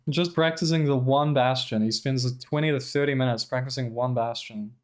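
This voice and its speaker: A man's voice: mid-range voice, normal speed. A young man streaming, talking casually in a profane, rambling and exasperated way while commenting live.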